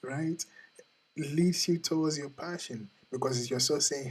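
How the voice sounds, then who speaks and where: Casting: male host, husky voice, earnest motivational speaker who keeps repeating questions straight to camera. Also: a little high, moderate pace, darkish tone, rough recording. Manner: earnest, repetitive, questioning the listener. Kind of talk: motivational talk.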